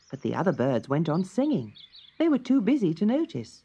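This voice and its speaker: A woman narrating a children's story in a slow, expressive storytelling manner. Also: deep voice, breathy edge. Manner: slow, lively, expressive reading. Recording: muffled lo-fi cassette tape with faint music.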